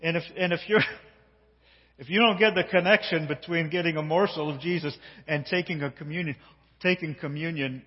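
A man preaching as pastor, telling a story and talking directly to a child and the congregation with animated delivery. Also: a little high, moderate pace, slightly rough. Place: church sanctuary. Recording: dull sound with long hall reverb.

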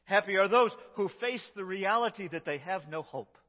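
A man preaching a sermon as pastor, his delivery emphatic and swinging between loud lines and hushed ones. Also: high-pitched, expressive, normal speed. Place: church sanctuary. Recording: lo-fi echoey church recording.

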